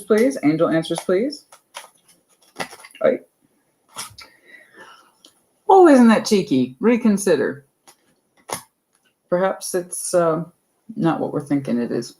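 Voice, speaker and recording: A woman's voice: fairly low pitch, darkish tone, a little hiss or hum, rough recording. Chatty woman giving a tarot reading. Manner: chatty and repetitive, calls the listener honey. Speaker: tarot reader.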